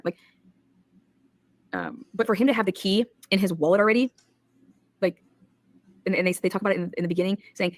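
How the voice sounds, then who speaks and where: Fast, blunt woman. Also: medium pitch. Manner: blunt, profane, incredulous. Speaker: podcast host. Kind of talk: casual true-crime discussion.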